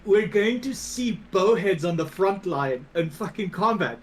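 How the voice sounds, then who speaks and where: A man co-hosting a gaming podcast, chatting casually, excitable and profane, breaking into bursts of disbelief. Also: high voice, a little slow, noisy background. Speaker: podcast co-host.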